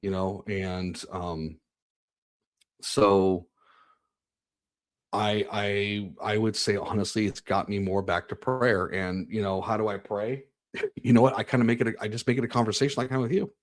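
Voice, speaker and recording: A podcast host being interviewed speaks earnestly about his faith in a lowish, steady voice at a moderate pace. In this candid personal conversation, he often restarts and repeats words while searching for them.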